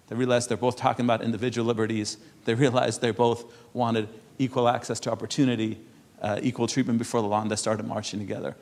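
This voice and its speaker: A man from Europe speaking on a symposium panel. He tells stories in a lively way, acts out the people he quotes and turns earnest and persuasive. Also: medium pitch. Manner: animated storyteller who acts out quoted exchanges. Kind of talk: storytelling talk at a symposium panel.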